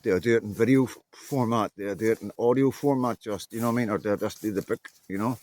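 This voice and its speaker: A man's voice: lowish voice, fast talker, darkish tone. Northern Irish man, fifties, blunt rambling vlogger talking into a phone outdoors. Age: 50s. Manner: rambling, candid, blunt, mild swearing. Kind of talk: casual monologue to camera. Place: outdoors on a muddy walk.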